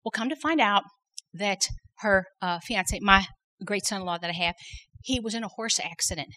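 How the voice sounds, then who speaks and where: At a women's conference workshop, a middle-aged woman earnestly shares her faith testimony, repeating words for emphasis. Her medium-pitched voice is bright and forceful at a moderate pace, captured in a low-quality recording.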